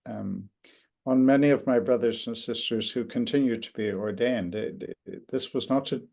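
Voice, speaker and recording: An older man giving an interview, speaking reflectively and haltingly, with many restarts and pauses. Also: medium pitch, vocal fry, darkish tone. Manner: thoughtful, halting with frequent restarts and fillers. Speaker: interview guest, author.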